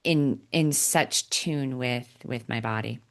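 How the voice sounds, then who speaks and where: Low-voiced woman hosting a podcast. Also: takes it slowly, vocal fry. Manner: reflective, affirming with frequent "right?". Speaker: podcast host. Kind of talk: casual interview chat.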